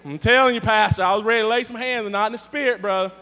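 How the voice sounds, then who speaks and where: A man with a high voice preaches to his congregation, telling a story in a lively, joking, chatty way. His voice rings out with a long reverb, as if in a large church hall. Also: very fast. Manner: animated, joking, conversational. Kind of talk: storytelling sermon.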